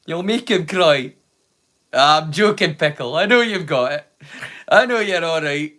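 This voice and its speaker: A man's voice: fairly high pitch, animated, unhurried, bright, forceful tone. A Scottish man chatting casually with live viewers, teasing and swearing freely. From Scotland. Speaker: live streamer.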